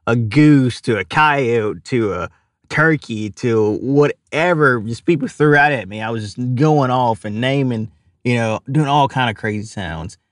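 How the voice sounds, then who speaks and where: A man's voice: mid-range voice, measured pace, no echo. Young guy from spinning a yarn, laughs a lot, does everybody's voices, dry close sound. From Louisiana. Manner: animated storyteller, acts out quoted voices, laughs often. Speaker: guest, animal caller. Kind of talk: casual storytelling in an interview.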